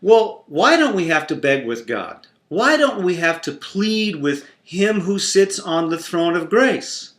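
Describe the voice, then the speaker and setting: A man quoting his wife as she asks their daughters a gentle question. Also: sits high, big pitch swings, takes it slowly, hardly any pauses, echoey room, heavily acted.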